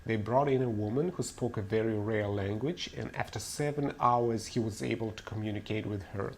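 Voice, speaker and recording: Speaking at a normal speed in a lowish voice with some vocal fry, a man lectures in a webinar over slight background noise. He teaches English pronunciation, explaining his principles methodically, one after another.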